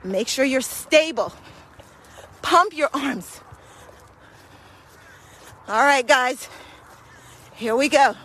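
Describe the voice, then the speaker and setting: A woman's voice: sits high, animated, very slow, pauses often, a bit bright. A woman guiding a hill walking workout while out of breath, encouraging and motivating listeners as she climbs outdoors. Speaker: fitness coach. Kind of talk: guided walking workout podcast.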